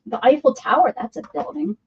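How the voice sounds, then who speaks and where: A woman's voice: high-pitched, fairly quick, vocal fry. A woman hosting an art livestream, chatting casually and muttering to herself while she crafts. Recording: dull lo-fi audio with faint noise.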